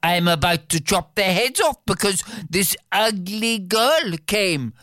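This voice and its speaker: A woman's voice: medium pitch, expressive, a little slow, a bit bright, dry recording, clean studio sound, pitched above the performer's own voice. A woman storyteller voicing a stately male fairy-tale king who speaks with courtly, formal address. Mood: indignant.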